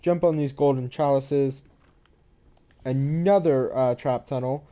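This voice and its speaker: A man's voice: medium pitch, takes it slowly, dark tone. Sleepy young man touring game maps. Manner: rambling, sleepy, yawning and apologizing. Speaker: gaming channel host. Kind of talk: casual game map walkthrough. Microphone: head-mounted microphone.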